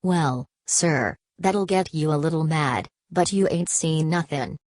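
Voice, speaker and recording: A woman's voice: low-pitched, a little slow, darkish tone, dry recording. A woman reading the part of a weary migrant father who speaks in a plain, bitter drawl, in an audiobook.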